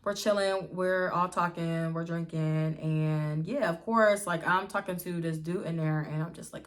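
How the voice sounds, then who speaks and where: Young woman, storytime vlog, slightly low voice, lively and swearing, home camera mic. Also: a little slow, few pauses. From Pittsburgh area, US. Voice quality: lively, swears freely, addresses viewers as y'all. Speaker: vlogger. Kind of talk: casual storytime.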